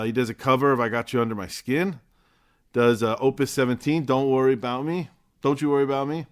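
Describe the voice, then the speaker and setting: Chatty man rambling through a show review. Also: mid-range voice. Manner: chatty, rambling, swears casually. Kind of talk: casual vlog review.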